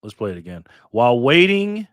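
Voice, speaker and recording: An older man hosting a casual live stream, loudly greeting viewers by name and muttering to himself while he fiddles with his phone. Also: mid-range voice, very animated, fairly quick, no room sound, clean studio sound. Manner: loud upbeat shout-outs, drops to mutters while fiddling with phone.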